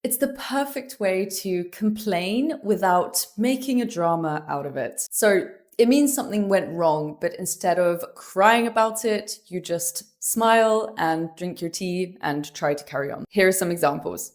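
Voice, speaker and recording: A woman's voice: fairly low pitch, expressive, unhurried. A young British woman teaching everyday English phrases in a lesson, acting out the examples with gasps and sighs. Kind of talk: scripted lesson.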